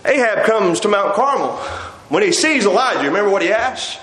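A man's voice: high-pitched, big pitch swings, a little fast, a bit bright. A man preaching a sermon, telling the story with animation and acting out the quotes. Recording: echoey room.

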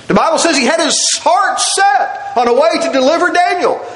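Animated, high-voiced man preaching. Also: moderate pace, hardly any pauses, echoey room, poor audio. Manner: dramatic, storytelling, acts out scenes. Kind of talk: sermon.

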